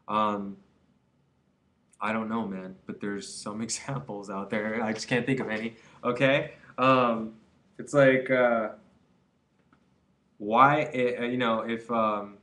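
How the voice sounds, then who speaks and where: A man's voice: mid-range voice, fairly bright tone. Rambling young man giving blunt advice. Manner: rambling and emphatic, with many fillers and restarts. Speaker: vlogger giving quit-weed advice. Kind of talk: casual advice vlog monologue.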